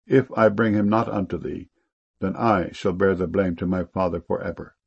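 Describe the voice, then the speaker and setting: A man reading a pleading brother, gravelly. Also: deep voice, flat delivery, normal speed, dull audio, full character voice. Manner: earnest, pleading. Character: pleading grown brother begging for mercy. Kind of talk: solemn scripture reading.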